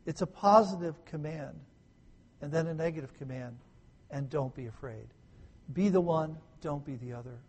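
Man preaching with loud-soft swings. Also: a little high, normal speed. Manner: dynamic preaching, swings from loud emphasis to hushed soft tones; asks the listeners rhetorical questions. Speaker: pastor. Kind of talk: sermon.

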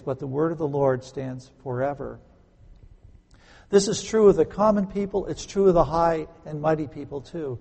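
Male preacher, slightly high, mellow raspy voice, conversational sermon with sharp loud stresses. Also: normal speed. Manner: emphatic, swings between loud stresses and quiet asides; conversational, explains grammar with homely examples. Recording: echoey hall.

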